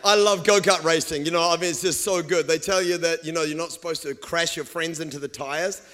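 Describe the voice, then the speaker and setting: A male preacher with a high, ringing voice delivers a lively sermon. He tells stories with humor and throws in vocal sound effects, speaking to a live congregation. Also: fairly quick, faint music behind. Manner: animated storytelling with humor.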